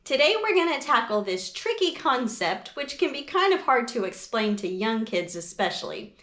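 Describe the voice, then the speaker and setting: A woman music teacher explaining a lesson for parents and teachers in a slow, clear, patient way. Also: fairly high pitch, very animated, fairly bright tone, reverberant.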